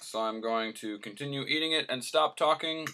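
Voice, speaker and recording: A man's voice: medium pitch, moderate pace, bright, forceful tone, a little hiss or hum. A man hosting a casual cooking vlog, joking and telling playful mock-serious tall tales as he cooks in a home kitchen. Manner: hums to himself while cooking. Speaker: host.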